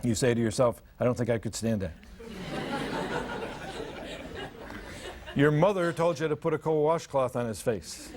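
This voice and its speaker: Crowd noise and a noisy background surround this older man's mid-range voice as he speaks slowly, pausing often, and is very animated. He's giving a live parenting seminar, telling funny stories and playing both parents and kids.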